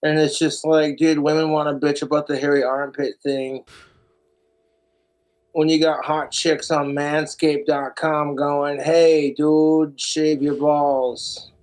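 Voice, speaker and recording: A man with a slightly high voice rants on a casual podcast. His talk is crude and blunt, and his jokes come in quick bursts. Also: flat delivery, rough recording.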